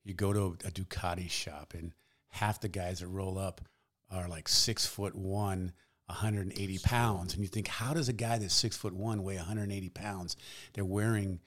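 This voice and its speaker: A man talking as a podcast guest in casual conversation, telling stories in a measured, reflective way. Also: low voice, steady tone, fairly bright tone. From United States. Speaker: guest, public defender.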